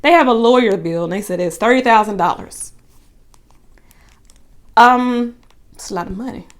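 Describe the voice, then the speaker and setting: A woman's voice: on the high side, lively intonation. A woman recapping a reality show in a casual, chatty way, with sassy asides. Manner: chatty, sassy asides, quick paraphrased quotes.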